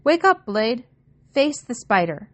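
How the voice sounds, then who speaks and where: A woman's voice: a little high, big pitch swings, takes it slowly. Woman playing a knowing dream mother. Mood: urgent, tender. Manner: gentle, urging.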